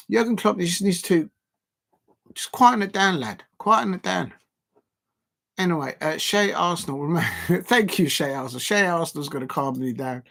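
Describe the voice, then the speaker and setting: Brief: male stream host, raised pitch, animated and indignant, chatty fan commentary. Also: moderate pace, creaky. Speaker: football watch-along host. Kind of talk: live-stream chat reading viewer comments.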